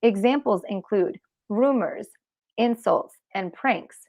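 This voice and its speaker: A woman's voice: mid-range voice, takes it slowly, dull audio. A woman hosting an online talk show, reading out a numbered list of points and stumbling now and then. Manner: reads points in a list, with restarts. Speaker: host.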